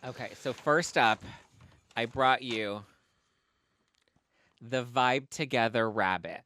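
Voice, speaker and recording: A man's voice: medium pitch, takes it slowly, bright, forceful tone, slight background noise. A man co-hosting a podcast in a studio, playful and teasing in casual chat. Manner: playful, teasing, presents products. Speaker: podcast co-host.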